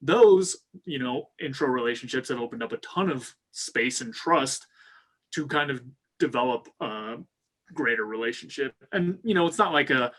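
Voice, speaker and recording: Bright-voiced man chatting casually. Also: mid-range voice, moderate pace. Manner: relaxed, lots of fillers, tells stories from his own work life. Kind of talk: casual chat.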